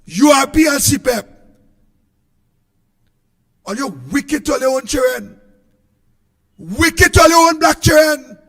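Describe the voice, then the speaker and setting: A man with a Trinidadian accent giving an impassioned political speech, shouting in a repetitive, sing-song way. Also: extremely high pitch, a little slow, pauses often, long reverb tail. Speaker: political speaker.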